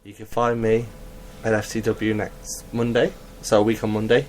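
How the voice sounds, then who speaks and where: A man's voice: on the low side, monotone, moderate pace, darkish tone, a little hiss or hum. A man, a wrestler guesting on a podcast, talking in casual, swearing banter. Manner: swearing, brash trash talk.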